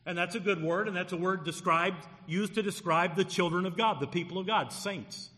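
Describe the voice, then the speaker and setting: Bright, high-voiced preacher in a reverberant hall. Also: male voice, normal speed. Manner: emphatic preacher, stressing key words. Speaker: pastor. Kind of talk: sermon.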